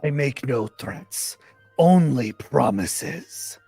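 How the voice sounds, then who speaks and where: A man voicing a menacing spectral ghost, speaking slowly and ominously. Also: mid-range voice, lively intonation, gravelly, warm tone, slightly rough, no room sound, faint music behind, exaggerated voice. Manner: slow, ominous delivery.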